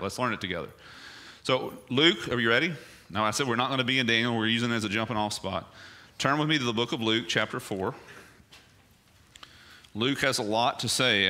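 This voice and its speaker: Bright-voiced male pastor preaching conversationally. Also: fairly low pitch. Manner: conversational preaching with rhetorical questions. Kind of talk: sermon. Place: church.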